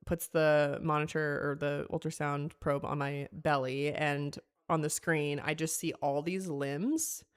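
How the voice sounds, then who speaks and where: Chatty woman with a lowish voice. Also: measured pace, few pauses, clean tone. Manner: animated, acts out quoted voices, many fillers. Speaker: podcast guest telling her birth story. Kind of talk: casual storytelling.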